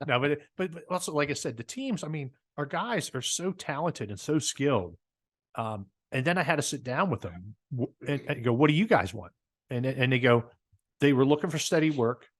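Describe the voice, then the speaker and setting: A man with a New Jersey accent, a guest telling stories in a casual interview, animated and repeating words as he talks. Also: mid-range voice, normal speed. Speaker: guest, business owner.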